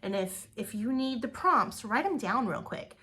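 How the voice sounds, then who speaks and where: A woman's voice: a little high, big pitch swings, normal speed, pushed and bright. A woman giving an upbeat motivational talk to her direct sales team, repeating words for emphasis.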